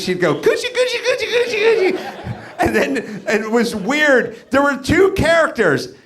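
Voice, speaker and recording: A man's voice: sits high, a bit bright. A man hosting a live comedy podcast from a comedy club stage, rambling through incredulous rhetorical questions. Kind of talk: live stand-up podcast riff.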